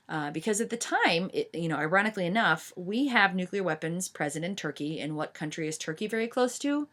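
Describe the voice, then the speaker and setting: Brief: lower-voiced woman teacher, loose lecture style, lots of "um" and "you know". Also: expressive, brisk, few pauses, fairly bright tone. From United States. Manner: chatty, many fillers and restarts. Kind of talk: informal history lecture.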